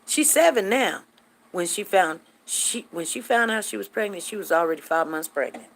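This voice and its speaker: A middle-aged woman hosting a casual live chat, telling stories in an animated, chatty way and acting out what people said. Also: medium pitch, moderate pace. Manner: chatty, animated, acts out quotes, drawls. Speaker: host greeting live viewers.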